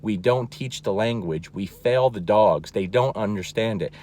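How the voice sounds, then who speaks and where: A man's voice: fairly low pitch, measured pace, a little mellow. Emphatic male dog trainer. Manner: emphatic, checks in with "okay?" often; plainspoken, repeats key words for emphasis. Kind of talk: instructional talk to camera.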